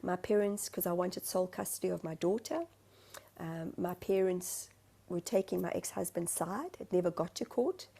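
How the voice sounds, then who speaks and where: A woman's voice: lowish voice, moderate pace, creaky, dark tone, husky. A woman from South Africa, a spiritual medium, talking earnestly over a video call and searching for her words. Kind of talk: heartfelt conversational sharing.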